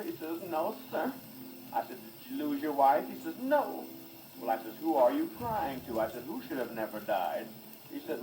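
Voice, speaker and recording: A man delivering a vaudeville comedy monologue, wisecracking and laughing at his own jokes, on an old phonograph record. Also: on the high side. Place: recording studio. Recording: scratchy 1920s phonograph record, distant and roomy.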